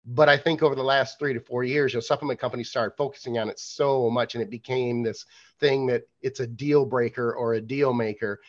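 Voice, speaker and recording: A man with a voice worn hoarse by illness talks in a relaxed, measured way. He explains things at length as a guest on a casual podcast. The sound comes through slightly dulled, like a muffled remote line. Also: medium pitch.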